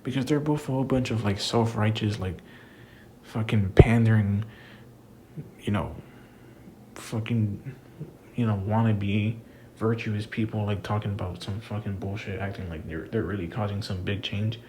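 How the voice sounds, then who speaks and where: A man's voice: lowish voice, fairly even intonation, moderate pace, warm tone, slight background noise. A young man in a casual, exasperated rant about wrestling, swearing a lot and calling the listener "bro". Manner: profane, exasperated, says "bro" often. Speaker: wrestling commentator vlogger.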